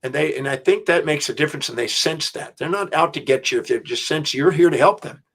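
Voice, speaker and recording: A middle-aged man, an interview guest, telling a story in an animated, emphatic way, with restarts. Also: on the high side, quick pace, husky. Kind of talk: storytelling anecdote.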